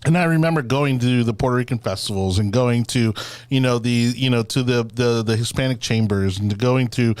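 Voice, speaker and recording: A man's voice: medium pitch, moderate pace, clean tone, no room sound. A man hosting a casual political podcast chat, rambling with lots of fillers and restarts. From Florida. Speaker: podcast host.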